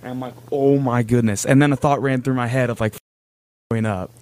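A man's voice: mid-range voice, steady tone, brisk, darkish tone, no echo. A young man casually telling a long story on a podcast, rambling with lots of fillers. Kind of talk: casual chat.

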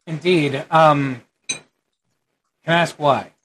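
Brief: a man playing a calm duty guard, low and quiet, formal, a touch flat. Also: slow, rough recording.

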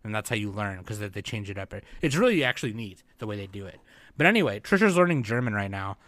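A man's voice: on the low side, big pitch swings, quick pace, fairly bright tone, no room sound. A young man co-hosting a podcast, chatting in a loose, rambling and profane way. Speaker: podcast co-host. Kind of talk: casual chat.

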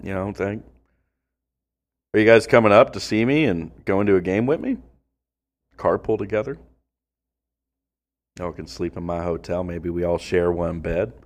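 A man co-hosting a podcast, calling baseball pitches between crude, joking banter with friends. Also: normal speed, pauses often. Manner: crude, joking, bursts into excited yelling. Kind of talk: casual banter with play-by-play.

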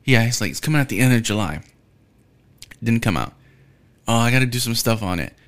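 A man talks through a casual podcast monologue, his voice sitting at an ordinary middle pitch. He rambles, restarts his sentences and drops "um"s everywhere. Profanity slips in constantly and easily. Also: expressive, brisk, fairly bright tone. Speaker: podcast host.

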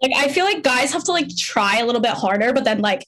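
A young woman from Canada chats as a podcast guest with a fairly high voice. She rambles through her stories, packing them with fillers and the odd playful swear word. Her talk is loose and conversational. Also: expressive, fast talker, fairly bright tone. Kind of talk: casual chat.

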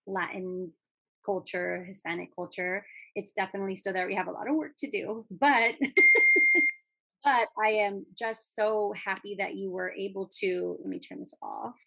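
A woman's voice: mid-range voice, vocal fry, a bit bright, slightly rough, dry recording. A woman hosting a podcast interview, encouraging her guest and laughing often in casual chat. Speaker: podcast host.

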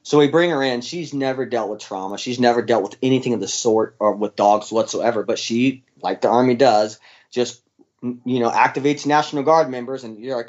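A man's voice: medium pitch, fairly quick, a little mellow, lo-fi sound. A man, a former military dog handler, telling his story in an interview in a casual, blunt way with plenty of fillers and the odd swear.

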